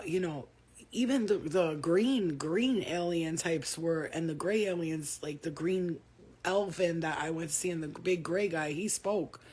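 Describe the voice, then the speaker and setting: A woman vlogger with a lowish, slightly mellow, husky voice talks casually to camera about spiritual experiences. She rambles, swears freely, and sounds tired.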